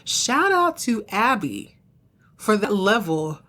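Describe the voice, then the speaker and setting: Recapping a soap episode on her solo podcast, a young woman is chatty and playful, voicing the characters' lines higher than her own. She speaks slowly in a sing-song voice that sounds pushed and bright.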